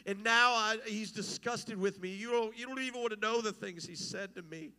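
A man preaching voices a wronged young woman, pleading and halting as he repeats himself. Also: high-pitched, sharp tone, clean tone, voice pushed up. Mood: distraught pleading.

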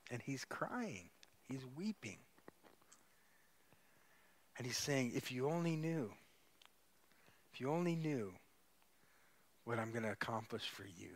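A middle-aged man preaching as a guest pastor, telling stories with emphatic, rising peaks. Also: mid-range voice. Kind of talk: sermon.

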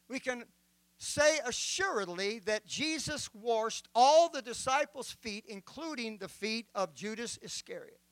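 A man preaching a sermon as a bishop, reading scripture slowly and dramatically. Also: very high-pitched, expressive, a bit bright, no room sound.

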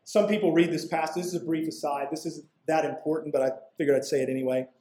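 High-voiced man preaching in an echoey room. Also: steady tone, mellow. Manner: conversational preaching with casual asides and emphatic pauses. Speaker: pastor. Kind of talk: expository sermon.

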